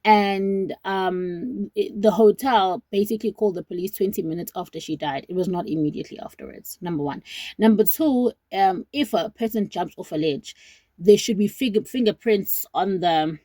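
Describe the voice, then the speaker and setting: A woman's voice: mid-range voice, normal speed, dark tone, dry recording. Earnest South African woman in her twenties. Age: 20s. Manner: earnest, rambling with restarts, Zulu words mixed in. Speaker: vlogger. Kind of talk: casual commentary to camera.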